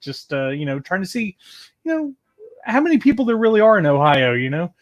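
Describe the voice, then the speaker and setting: A man's voice: sits high, very animated, fairly quick, muffled recording. Laid-back, rambling male co-host. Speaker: show co-host. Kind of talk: casual livestream chat.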